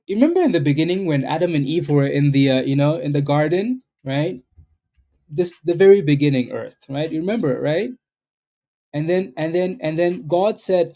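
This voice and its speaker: A man's voice: a little high, expressive, normal speed, mellow. A man hosting a live stock trading stream, chatting casually in a rambling way and often tagging "right?". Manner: rambling, keeps asking "right?", repeats himself. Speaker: stock trading livestream host. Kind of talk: casual live market commentary.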